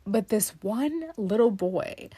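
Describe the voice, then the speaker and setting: A woman's voice: medium pitch, animated, slow pace, dark tone, breathy edge, dry recording. Rambling, dramatic young woman podcaster. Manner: rambling, dramatic, laughs often. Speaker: podcast host. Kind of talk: casual podcast monologue.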